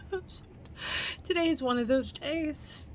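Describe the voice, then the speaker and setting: A young woman with a fairly high, slightly mellow voice reviews a book at home late in the evening for her channel, speaking slowly. She's chatty and enthusiastic and laughs often, yet she's clearly tired and yawning. A faint hiss of room noise sits beneath her voice in this casual book review vlog.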